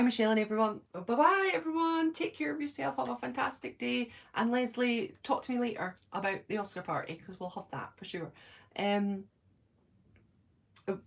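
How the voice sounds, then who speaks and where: A middle-aged Scottish woman hosts a casual live stream and chats to her viewers. She is giggly and self-deprecating, with plenty of ums and quick asides. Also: medium pitch. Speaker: host of a fan live stream. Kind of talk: casual live-stream chat, reading comments.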